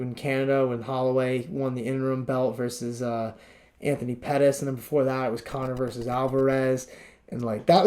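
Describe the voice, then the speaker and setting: Laughing, rambling podcast guy. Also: medium pitch. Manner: rambling, laughs often, animated retelling. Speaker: podcast co-host. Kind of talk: casual chat.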